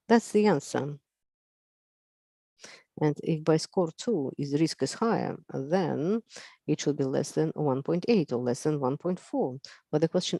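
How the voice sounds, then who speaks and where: A speaker lectures at a medical conference in a dry, close sound. The voice is gravelly and mellow. The delivery halts on frequent fillers and repeats the main points for emphasis. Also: mid-range voice, dry recording. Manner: repeats key phrases for emphasis. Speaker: physician giving a conference lecture.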